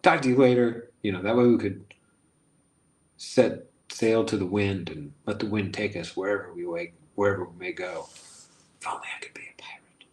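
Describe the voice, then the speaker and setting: A man's voice: fairly low pitch, steady tone, normal speed, a little mellow. A man hosting a casual guided self-help session, who talks in a playful, rambling, jokey way and repeats phrases. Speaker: host. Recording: echoey room.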